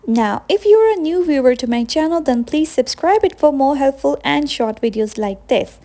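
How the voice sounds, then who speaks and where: A woman teaching basic Italian phrases to beginners, saying each phrase slowly and repeating it for learners. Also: high-pitched, animated, dark tone. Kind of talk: slow beginner language lesson.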